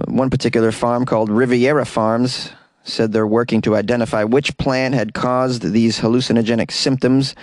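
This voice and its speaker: A man hosting a comedy news podcast, reading headlines and then cracking sarcastic jokes about them. His voice sits in the middle of the male range. The sound is dry and close, with no room echo. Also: medium pitch. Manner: sarcastic, jokey asides. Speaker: podcast host.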